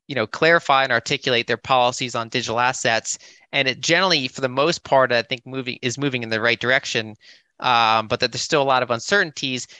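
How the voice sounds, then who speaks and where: A man's voice: medium pitch, pushed and bright, no room sound. A man speaking on a conference panel, hesitant, with many fillers and restarts.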